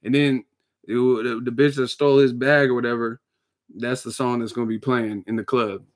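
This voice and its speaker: A Bay Area man who hosts a boxing commentary channel delivers a casual, joking, profane rant packed with acted-out quotes. His voice is medium-pitched and flat, and he speaks briskly.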